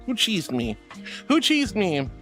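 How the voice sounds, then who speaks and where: A woman's voice: mid-range voice, huge pitch swings, slow pace, a bit bright, faint music behind. A woman VTuber chatting casually on a livestream, gushing thanks to her viewers with cutesy words. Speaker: VTuber streamer. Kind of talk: casual livestream chat reading chat. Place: VR streaming setup, indoors.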